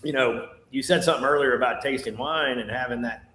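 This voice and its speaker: A man's voice: mid-range voice, fast talker, bright, forceful tone, reverberant, a little hiss or hum. A man hosting a casual livestream, joking and laughing easily as he talks. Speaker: show host.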